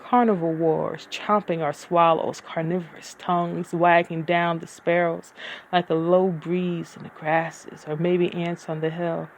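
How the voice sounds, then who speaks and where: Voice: medium pitch, little pitch movement, a little slow, slight background noise. A poet giving a dramatic, brooding poetry reading with uneven pacing.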